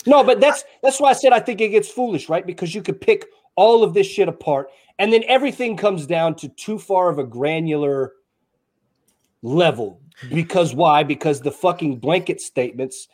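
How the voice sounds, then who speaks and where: A man's voice: on the high side, moderate pace. A man co-hosting a podcast, arguing his point in a profane, casual debate. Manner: profane, argumentative, animated. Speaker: podcast co-host.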